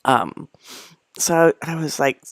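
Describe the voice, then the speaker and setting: A woman's voice: low-pitched, slow pace, no room sound, studio quality. A middle-aged woman hosting a casual live stream from her home, rambling through asides and laughing often. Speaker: host of a live knitting stream. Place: at home among packed belongings.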